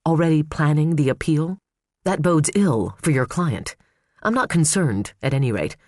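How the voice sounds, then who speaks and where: A man voicing a sharp, fierce female prosecutor with a curt, cutting manner, in an audiobook. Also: on the high side, animated, normal speed, dry recording, studio quality. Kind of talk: audiobook character voice.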